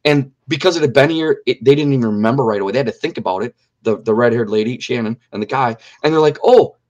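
A man's voice: mid-range voice, fast talker. A middle-aged man giving an earnest personal testimony in an interview, repeating key phrases for emphasis. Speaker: interview guest.

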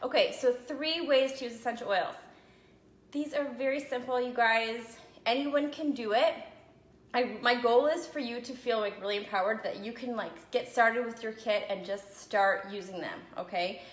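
A woman's voice: on the high side, normal speed. A woman selling essential oils in a casual live video from her home, chatty and a little out of breath after a run, often checking in with "okay?" and "right?". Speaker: essential oil seller. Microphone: phone. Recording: echoey room.

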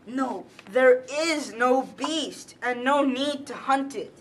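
A young woman playing a cautious boy leader who tries to keep the others calm, in an amateur school drama reading. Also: high voice, recorded from a distance, a little hiss or hum. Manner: calm, measured, reasoning.

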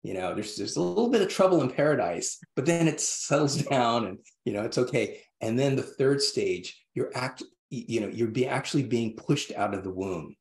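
A man, a guest in an interview, telling a story in a halting way with many restarts and fillers. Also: medium pitch, expressive, roomy sound. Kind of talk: interview conversation.

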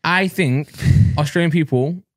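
A man's voice: a little high, unhurried. A man co-hosting a podcast, bantering and teasing in casual chat. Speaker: podcast co-host.

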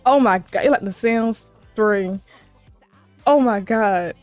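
A woman hosting a reaction video, gushing with excited, squealing exclamations and repeating herself, a little sleepy because it is late at night. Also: medium pitch, slow pace, no room sound, faint music behind. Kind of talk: excited casual reaction commentary.

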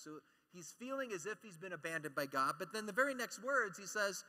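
A man gives a lively conference talk, high in pitch and very bright in tone. He jokes, acts out quotes and keeps the crowd with him. His voice rings with the long reverb of a large hall. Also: brisk, hardly any pauses. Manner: animated, joking asides and acted-out quotes. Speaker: speaker at a Catholic conference.

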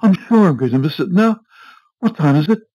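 A man's voice: on the high side, very animated, a little slow, mellow, muffled recording, pitched above the performer's own voice. A man putting on a meek, fretful wife. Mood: anxious. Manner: timid, fretful, pleading. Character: meek anxious wife, middle-aged woman.

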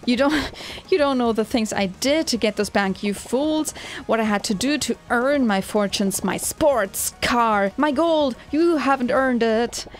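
A woman's voice: fairly high pitch, measured pace, faint music behind, lightly acted. A woman reading the lines of a greedy bank-owner villain in a video game, boastful and sneering. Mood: gloating.

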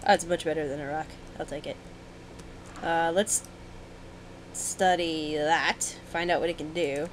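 A young woman giving casual, excitable commentary while playing a video game, with sudden yelps and running chatter. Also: sits low, measured pace, slight background noise, poor audio. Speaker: let's play gamer.

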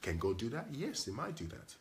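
A man's voice: medium pitch, huge pitch swings, brisk, slight background noise. A man preaching a sermon as a pastor, emphatic and repetitive, asking the congregation questions.

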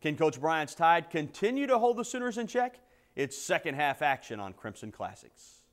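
A man giving scripted play-by-play narration of a classic football game in a brisk delivery. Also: on the high side, very animated. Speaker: sports narrator. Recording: narration over loud music.

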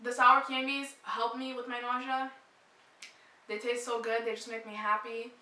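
Young woman vlogging, kinda out of breath, bright voice, roomy echo, mic a bit far off. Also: on the high side, level tone, normal speed. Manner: chatty, frequent "like" and "um" fillers. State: short of breath. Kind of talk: casual chat to camera.

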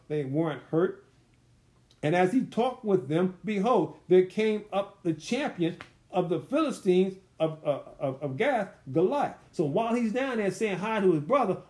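Man, Bible study teacher, high voice, conversational, rhetorical questions, colloquial. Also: a little mellow. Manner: loose, colloquial phrasing.

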